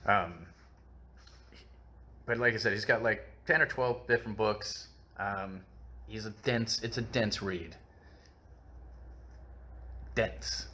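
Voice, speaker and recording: Rambling man with a bright low voice. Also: slow, pauses often. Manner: rambling, filler-heavy, self-mocking. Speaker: live-stream book show host. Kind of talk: casual live-stream chat.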